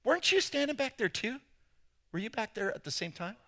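A male preacher with a bright, sharp voice that sits a little high and swings widely in pitch. He tells his story with animation and acts out quotes, jumping suddenly loud. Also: very animated, a little fast. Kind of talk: sermon with personal anecdotes.

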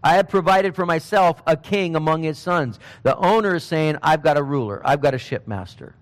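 Preacher with a ringing high voice. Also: male voice, moderate pace, long reverb tail. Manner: animated storytelling, acting out Bible figures in casual speech. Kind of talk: sermon.

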